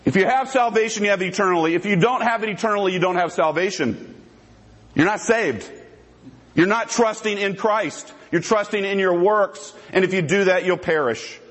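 A man's voice: high voice, moderate pace, fairly bright tone, poor audio. A man giving a formal debate presentation, emphatic and repeating his key points.

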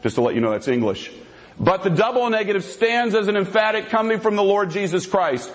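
Man, high-pitched voice, formal debate speech, emphatic, repeats points for weight. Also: expressive, a little fast, poor audio.

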